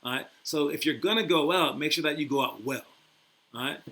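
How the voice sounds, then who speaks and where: This basketball program host and coach, a young adult man, has a slightly high, sharp voice and speaks fairly quickly. His casual interview wanders and motivates, with easy laughter, teasing of his guest, and a frequent "all right?"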